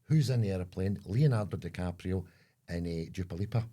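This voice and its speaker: A man's voice: deep voice, fairly quick, heavy background noise. A Scottish man co-hosting a podcast, chatting casually and rambling, often trailing off mid-sentence while he hunts for words. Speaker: podcast co-host. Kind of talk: casual chat.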